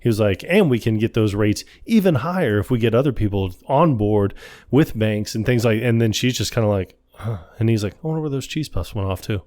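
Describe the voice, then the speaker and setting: A man's voice: on the low side, lively intonation, a little fast, a little mellow. A man co-hosting a movie podcast, casually retelling scenes and quoting the characters. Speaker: podcast co-host.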